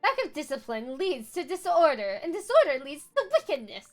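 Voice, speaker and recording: A woman voicing a haughty, sharp-tongued noblewoman who lectures about rules. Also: sits high, big pitch swings, brisk, soft background music. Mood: lecturing. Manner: prim and lecturing.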